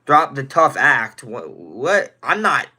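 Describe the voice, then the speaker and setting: Bright-voiced teenage streamer from Indiana. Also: male voice, medium pitch, very animated, slow, husky. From Indiana, USA. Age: teens. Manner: rambling, restarts, greets viewers by name. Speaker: livestreamer. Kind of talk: casual livestream chat reading comments.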